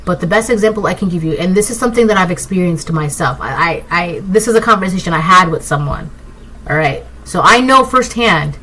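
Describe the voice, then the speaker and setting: A woman giving a casual collective tarot reading, rambling and excitable, often tagging her points with "right?". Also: on the low side, brisk, a little hiss or hum, low-quality recording. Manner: keeps asking "right?". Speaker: tarot reader.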